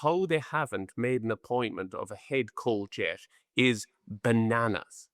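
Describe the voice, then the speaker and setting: An Irish man in his forties co-hosting a rugby podcast, talking in an animated, rambling, chatty way. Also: medium pitch, unhurried, no echo, studio quality. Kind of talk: casual chat.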